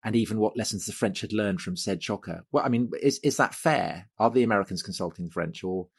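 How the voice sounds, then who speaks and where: A male podcast co-host reads listener questions to his guest and chases them with his own queries. He speaks very fast, and his lowish voice has a husky grain. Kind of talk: reading out listener questions in conversation.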